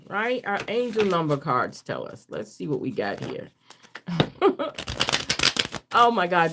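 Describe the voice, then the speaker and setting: A woman's voice: medium pitch, a bit bright. A woman hosting a live card reading, laughing often, reading affirmations aloud and answering herself with repeated yeses. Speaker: card reader.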